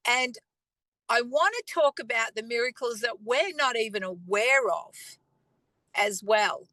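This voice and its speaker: A woman sharing a personal faith testimony in an earnest, conversational way, pausing and clearing her throat now and then. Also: fairly high pitch, expressive, sharp tone, no room sound, rough recording. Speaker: faith speaker.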